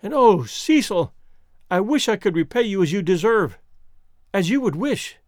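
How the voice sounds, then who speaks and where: A man's voice: high-pitched, big pitch swings, normal speed, a little mellow, no room sound, studio quality. A man voicing a proud, torn young woman in an audiobook, speaking earnestly. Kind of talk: audiobook character reading.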